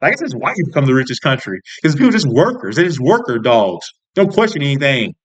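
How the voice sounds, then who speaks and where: A man's voice: mid-range voice, big pitch swings, fast. A young man ranting angrily in a vlog, swearing constantly, restarting sentences and rambling with frustration. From United States. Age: young adult. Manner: angry, profane, rambling rant with many restarts. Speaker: vlogger. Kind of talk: political commentary rant.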